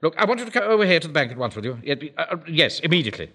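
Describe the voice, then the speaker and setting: An actor playing a pompous, self-important bank manager who also commands a volunteer platoon, speaking in a commanding manner. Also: male voice, a little high, sing-song, very fast, noisy background. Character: pompous middle-aged male bank manager and platoon officer. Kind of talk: period sitcom acting.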